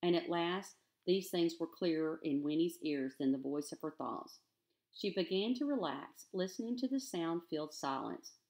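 A woman teacher reading a children's novel aloud in an expressive, steady storytelling manner. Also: sits low, normal speed.

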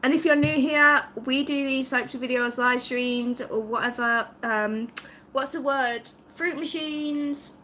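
A British woman with a bright, fairly high voice chats casually as a live-stream co-host and reads out viewer comments. Faint hiss runs underneath. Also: steady tone, unhurried.

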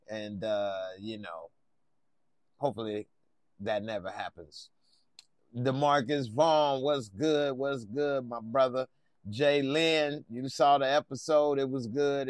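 A man hosting a casual live stream, reacting to a TV episode, relaxed as he greets viewers by name and laughs often. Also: medium pitch, dry recording.

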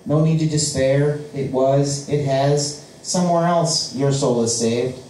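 A man's voice: medium pitch, steady tone, a little slow, a little mellow, a little hiss or hum. A man performing his spoken-word poetry at an open mic, with a rhythmic, declamatory delivery. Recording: very echoey room, voice from a distance.

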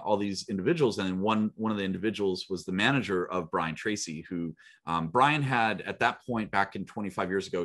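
A middle-aged man, a guest speaker and coach, telling his story in an interview with lively acted-out quotes and frequent laughs. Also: low voice. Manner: animated storyteller, acts out quotes, laughs often. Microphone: small mic worn on body.

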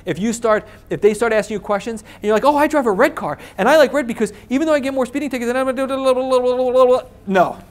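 Emphatic man giving a seminar talk. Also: high voice. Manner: energetic, emphatic, repeats points and asks the audience "right?"; acts out sellers' questions and excuses in quick quoted voices. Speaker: real estate wholesaling speaker.

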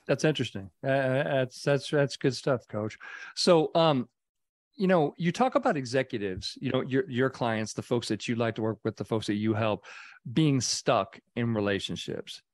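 A man's voice: medium pitch, animated, normal speed, no room sound, clean studio sound. A man hosting a podcast, asking conversational questions full of fillers. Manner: conversational, lots of fillers like "you know". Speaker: podcast host. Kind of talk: podcast interview.

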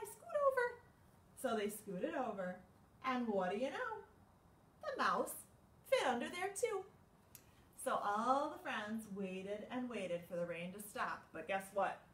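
A young woman librarian reading a picture book aloud at a livestreamed storytime, slow and sing-song with gasps of surprise. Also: mid-range voice, a bit bright. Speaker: children's librarian. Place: library room. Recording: echoey room, mic far off.

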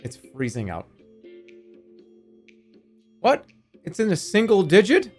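Man, thirties, gaming commentary, lively pitch swings, cursing, faint game music. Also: slow pace. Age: 30s. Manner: swearing, excitable, swings between mutters and yelps. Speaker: streamer. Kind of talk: let's play commentary.

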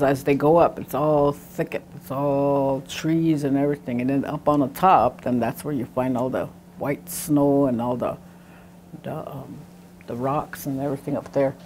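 A woman's voice: deep voice, fairly even intonation, normal speed, a little mellow, slight background noise. A woman teaching a language class, patiently repeating sounds to demonstrate them. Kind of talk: classroom lesson.

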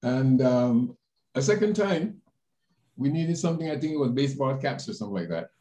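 An older man from the Panama Canal Zone, a panelist telling personal stories in an animated way over a video call. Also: a little fast. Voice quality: animated, jumps in pitch when quoting others. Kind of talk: personal storytelling. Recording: roomy echo.

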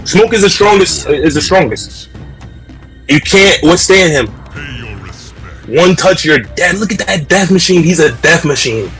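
A man on a headset mic giving loud, heated live commentary on fighting-game matches, shouting often, repeating himself and trash-talking with profanity. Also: sits high. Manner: loud, excitable trash-talk with frequent shouting.

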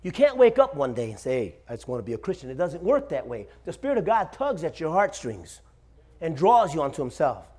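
A man's voice: a little high, sing-song, fairly quick, darkish tone, slightly rough. A man in his forties preaching a sermon in a church, telling stories with humor and calling out "Amen?" to his congregation. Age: 40s. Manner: storytelling with humor, calls out "Amen?" to the room. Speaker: pastor. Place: church sanctuary.

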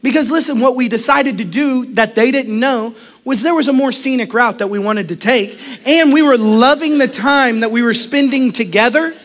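A middle-aged man preaching a sermon as pastor, animated, acting out quotes and laughing often. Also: very high-pitched, normal speed, hardly any pauses.

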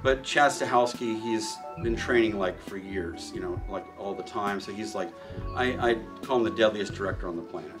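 A man's voice: fairly low pitch, moderate pace, recorded from a distance, music in the background. Rambling man telling range stories, swearing freely. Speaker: shooting range owner and firearms trainer. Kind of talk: casual storytelling in an interview.

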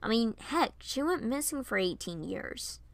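A woman's voice: on the high side, big pitch swings, unhurried, creaky, dry recording, full character voice. A woman voicing a blunt, teasing young woman guard in a fan audio story, close on a home mic.

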